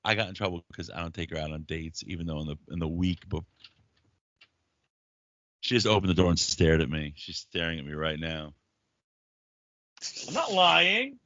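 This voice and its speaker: A man hosting a podcast, telling stories in crude, profane, animated banter. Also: extremely low pitch, a little fast, no echo, muffled recording. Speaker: podcast host.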